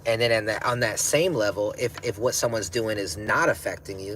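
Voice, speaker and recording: A man's voice: on the low side, fairly quick, slight background noise. Rambling stoned guy chatting on a livestream. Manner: rambling, slangy, laughs often. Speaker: livestream host. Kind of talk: casual livestream chat, reading comments.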